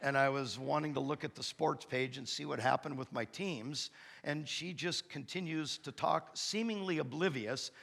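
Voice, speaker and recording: Gravelly, bright-voiced pastor in his fifties. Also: fairly high pitch, normal speed. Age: 50s. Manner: animated storyteller, acts out dialogue with big comic outbursts. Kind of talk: sermon. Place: church sanctuary.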